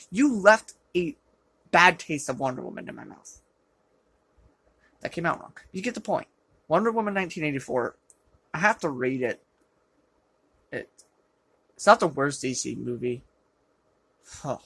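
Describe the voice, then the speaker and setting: An exasperated film reviewer rants through a review with biting sarcasm and sudden loud outbursts. The voice is rough and sits at a middle pitch. The sound is dry and close. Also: dry recording. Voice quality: self-described rough voice. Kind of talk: ranting movie review. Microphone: low-quality camera.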